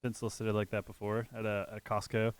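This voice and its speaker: A man's voice: on the low side, completely flat delivery, quick pace, clear, resonant tone. A man and podcast co-host in casual chat, talking hesitantly with restarts.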